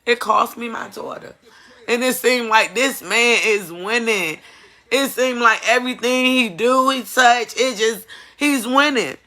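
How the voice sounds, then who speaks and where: A woman's voice: fairly high pitch, measured pace, bright, forceful tone. A woman giving an emotional personal testimony as a mother, earnest and pleading, repeating phrases for emphasis.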